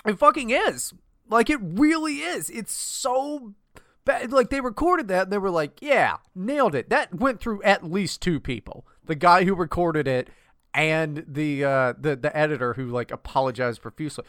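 A man's voice: high-pitched, normal speed, dry recording, clean studio sound. A man co-hosting a podcast, chatting casually and mocking things with lots of swearing. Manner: profane, mocking, animated. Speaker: podcast co-host. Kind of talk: casual chat.

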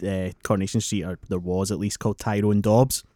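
Scottish bloke, chatty podcast guest, rambling anecdotes, dry close sound. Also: male voice, on the low side, level tone, a little fast, warm tone, no room sound. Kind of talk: casual chat.

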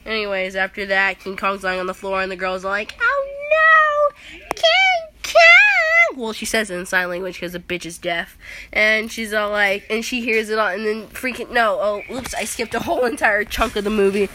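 A woman's voice: mid-range voice, steady tone, fairly quick, noisy background. A young woman in a casual, profane, rambling movie rant, exasperated and cursing.

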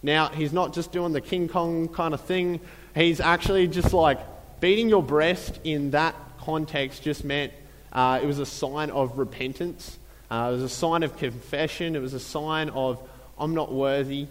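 A man preaching a sermon in a relaxed, conversational way, with many fillers and repeated phrases. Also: a little high, measured pace, big-room sound, rough recording. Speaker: pastor.

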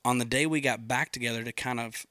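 A man's voice: mid-range voice, fairly even intonation, quick pace, sharp tone, no echo, clean studio sound. A man, a songwriter, casually telling how a song was written, loose and rambling, swearing freely and often saying dude. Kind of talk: casual storytelling conversation.

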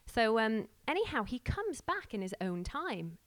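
A woman's voice: on the high side, sing-song, unhurried, dry recording. A woman who is starting a church tells a casual, laughing story and acts out the voices of the people in it. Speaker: church planter sharing a story.

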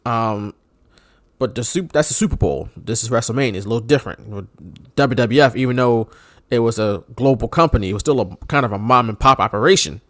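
A man co-hosting a podcast in casual chat, animated and joking. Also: medium pitch, a little fast, no echo, studio quality. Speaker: podcast co-host.

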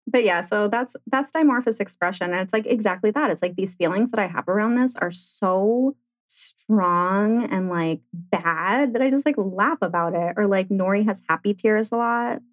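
A woman's voice: medium pitch, moderate pace, dry recording. A woman co-hosting a podcast in casual chat, filling her talk with "like" and laughing as she tells grim stories. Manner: chatty, laughs while telling grim stories, heavy "like" filler. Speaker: podcast co-host.

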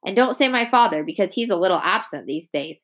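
A woman's voice: medium pitch, animated, quick pace, a bit bright. An upset young boy, frustrated and near tears, talks back in strained, defensive bursts, as a woman reads him aloud. The voice stays close to the reader's own.

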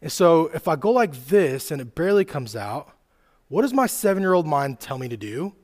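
A man in his thirties preaching a sermon to a live church audience, telling personal stories casually with lots of "like" and "right?", dropping soft and quiet then rising loud and excited. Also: a little high, normal speed. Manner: conversational storytelling, fillers like "like" and "right?". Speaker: youth pastor.

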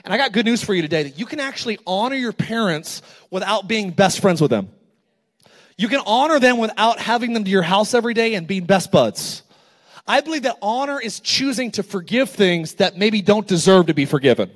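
A man with a notably high voice preaches with lively storytelling energy. He slips into casual asides, then rises to loud, emphatic calls to his congregation. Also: brisk. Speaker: pastor. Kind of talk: sermon.

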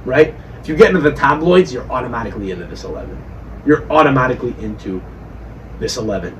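A man's voice: medium pitch, expressive, fast talker. A man hosting a podcast, drunk, rambling and swearing as he riffs in casual chat. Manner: rambling, profane, riffing. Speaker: podcast host. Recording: distant mic with faint background noise.

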